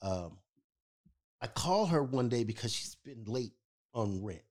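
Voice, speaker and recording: A man's voice: medium pitch, very animated, unhurried, darkish tone. A man co-hosting a podcast, telling a story in casual chat and stressing points with a repeated "okay?". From California. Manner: emphatic, repeats "okay?" for emphasis. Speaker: podcast co-host.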